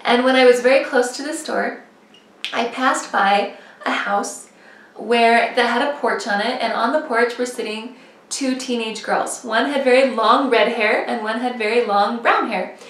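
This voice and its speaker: A woman vlogger telling a personal faith story in an animated, self-mocking way, with quick asides. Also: on the high side. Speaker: religious vlogger. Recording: echoey room, mic at a distance.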